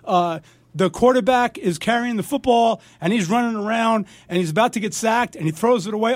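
An older man rants with real anger into a studio mic, restarting his sentences as the fury outruns him. His voice sits high for a man, and the sound is close and dry with no room around it. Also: lively intonation, fairly quick, dry recording. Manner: angry, fired-up ranting with stammered restarts. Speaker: sports talk guest. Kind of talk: ranting radio talk. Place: radio studio. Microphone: studio mic with headphones.

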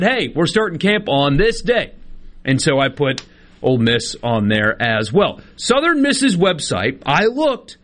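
Male radio co-host, high and very animated, emphatic gripe. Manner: indignant, emphatic ranting. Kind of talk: casual sports radio talk.

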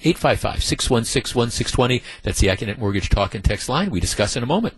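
A man's voice: mid-range voice, lively intonation, fast talker, husky, poor audio. A man hosting a talk radio show, delivering indignant, emphatic commentary full of rhetorical questions into a studio microphone.

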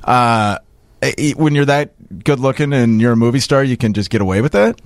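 A man hosts a relaxed podcast and spins a dating story, acting out each line of dialogue. His pitch swings widely as he tells it. He is recorded dry and close on the mic. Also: a little fast, dry recording. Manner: animated, acts out dialogue in a lively storytelling voice. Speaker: podcast host. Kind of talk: casual storytelling chat.

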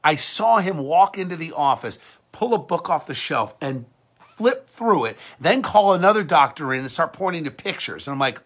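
A man's voice: fairly high pitch, sing-song, moderate pace, a bit bright. A man hosting a talk show, delivering an emphatic, combative monologue that often repeats words and restarts when heated. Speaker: podcast and show host. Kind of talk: talk-radio style monologue.

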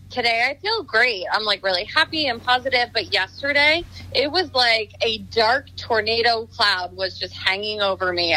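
A woman's voice: a little high, pushed and bright, low-quality recording. A woman chatting casually on a video call, laughing often and acting out what people said. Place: her condo.

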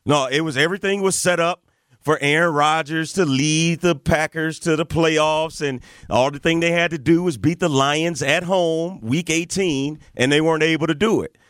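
A man co-hosting a radio morning show in casual chat, easygoing and measured, with frequent filler words. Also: fairly high pitch, a bit bright, no room sound, clean studio sound.

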